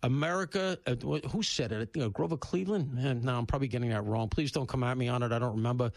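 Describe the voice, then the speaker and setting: A man hosting a talk radio show, talking bluntly and casually, with loud emphatic bursts and low asides. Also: fast talker, creaky, no echo. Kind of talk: opinionated talk radio monologue. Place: radio studio.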